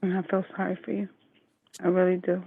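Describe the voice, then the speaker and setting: A woman's voice: on the low side, monotone, brisk, slightly rough, no echo. A woman in her forties speaks over a tinny phone line, emphatic and reassuring. She repeats her words for stress. The sound is dry, with no room around it. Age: 40s. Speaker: caller. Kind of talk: casual consoling chat. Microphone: phone call.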